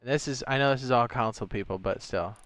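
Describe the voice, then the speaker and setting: A young man casually chatting on a gaming live stream, excitable and chatty, tossing in playful sound effects. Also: mid-range voice, fast.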